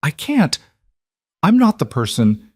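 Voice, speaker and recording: A man's voice: fairly high pitch, huge pitch swings, slow pace, husky, no echo, clean studio sound, voice pushed up, exaggerated voice. A man voicing a guarded, shaken young woman who breaks off and restarts her sentences. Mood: strained.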